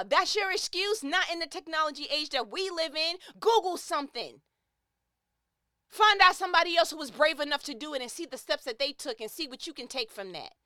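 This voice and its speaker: A woman delivers a fired-up motivational monologue with a preachy, emphatic edge. Her voice sits high and sounds sharp and forceful, and she hammers her points with repetition. The sound is close and dry, with no room around it. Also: lively intonation, a little fast, no echo. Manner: repeats phrases for emphasis.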